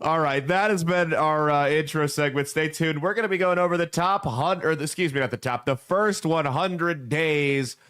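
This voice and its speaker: A man in his thirties hosting a casual podcast, a brash storyteller with crude jokes and sudden swings in loudness. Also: a little high, moderate pace, few pauses, clean tone. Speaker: podcast host.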